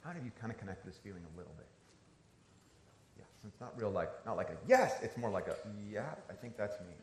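A man's voice: on the low side, big pitch swings, fast, creaky, echoey room, a little hiss or hum. A man in his thirties, a pastor giving a conversational, storytelling sermon.

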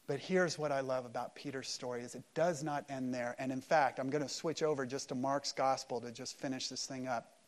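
A man preaching an Easter sermon at a church service, swinging between loud emphatic peaks and hushed, quiet lows. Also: steady tone, normal speed. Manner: acts out quoted voices in prayer-like dialogue. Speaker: pastor.

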